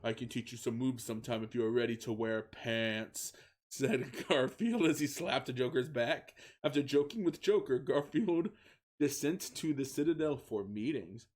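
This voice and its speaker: A man doing a comedic reading of fan fiction, keeping a flat voice and often breaking into laughter. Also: medium pitch, normal speed.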